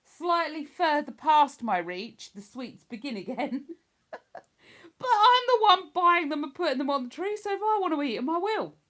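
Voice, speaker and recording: An older Hertfordshire woman hosts a casual livestream, her accent sliding between posh and London. Her voice sits a little high, and she chats and rambles, picking up viewer comments as she goes. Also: very animated, normal speed, a bit bright. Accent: Hertfordshire English, between posh and London. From Hertfordshire, England. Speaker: livestream host.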